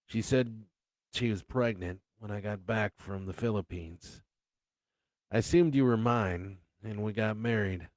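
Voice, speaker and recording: A man voicing an aging father, a weary, awkward ex-serviceman, who speaks in halting, apologetic fits. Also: fairly low pitch, darkish tone, dry recording, natural voice.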